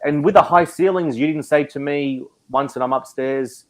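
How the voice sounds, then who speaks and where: A man's voice: a little high, moderate pace. An emotional, passionate man argues on a live stream. He stumbles over his words and repeats phrases as he pushes his point. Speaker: watch community member. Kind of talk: heated live-stream argument.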